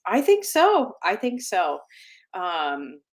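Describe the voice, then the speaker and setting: A woman co-hosting a casual live-stream chat, chatty and thinking out loud. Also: mid-range voice, huge pitch swings, slow pace. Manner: chatty, searches for words aloud, uses fillers. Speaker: co-host.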